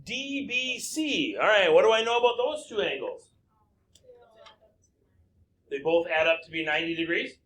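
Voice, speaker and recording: A man's voice: sits high, lively intonation, normal speed, pauses often, a bit bright. A man teaching a recorded math lesson, working through problems step by step and asking himself questions aloud before answering them.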